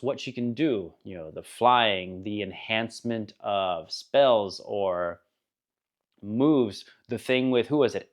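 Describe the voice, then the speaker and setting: In a mid-range voice, a man gives a casual spoken book review, rambling enthusiastically and laughing now and then at the funny parts.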